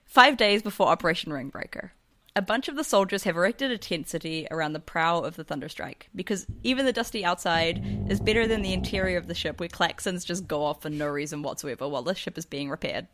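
A woman's voice: lowish voice, quick pace, fairly bright tone, faint music behind. A woman hosting a casual podcast, reading out a story summary and laughing between jokes. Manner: giggly, reads summary then jokes. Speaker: podcast host recapping a book.

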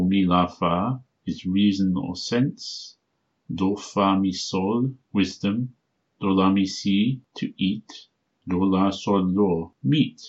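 A man hosting a solo podcast, methodically explaining a constructed language and reading out word examples slowly. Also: low voice, a little mellow, dull audio. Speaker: podcast host.

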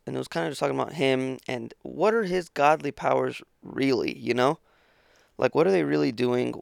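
A man with a gravelly, creaky voice talks alone on his podcast, drifting from thought to thought and swearing freely. The sound is dry and close, with no room around it. He sounds a bit sleepy, trailing off and restarting his sentences. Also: medium pitch, dry recording. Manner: rambling, profane, self-interrupting. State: sleepy, yawning. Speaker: podcast host. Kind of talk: casual solo podcast monologue.

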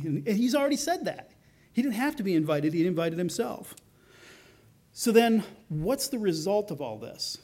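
Higher-voiced man preaching conversationally. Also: lively intonation, moderate pace, mellow. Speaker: pastor. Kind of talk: sermon.

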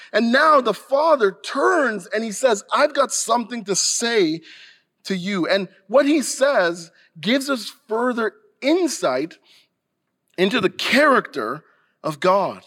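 A man's voice: sits high, a bit bright. A male pastor preaching a sermon earnestly and emphatically, sometimes restarting a phrase.

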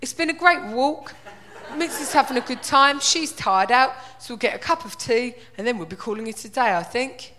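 A woman's voice: a little high, moderate pace, sharp tone. A woman doing a chirpy dog-walking man. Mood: chatty. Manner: chirpy, homely, rambling. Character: cheerful man in his fifties vlogging dog walks.

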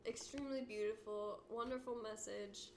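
A nineteen-year-old woman co-hosting a podcast in casual, giggly chat with quick asides. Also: fairly high pitch, steady tone, a little hiss or hum. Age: teens. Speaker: podcast co-host.

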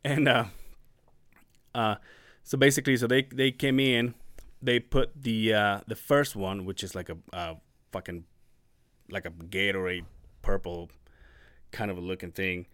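Low-voiced man telling a story in halting bursts. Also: steady tone, a bit bright, dry recording, studio quality. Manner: halting, full of restarts and swearing. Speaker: podcast co-host. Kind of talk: casual storytelling chat.

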